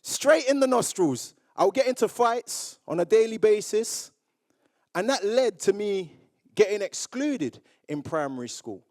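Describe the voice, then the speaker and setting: Man, young adult, from Jamaica, high-pitched, lively storytelling, motivational speech. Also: a little slow. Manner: animated storyteller who acts out remembered dialogue. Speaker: public speaker. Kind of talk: motivational speech to a live audience. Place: awards event room with audience.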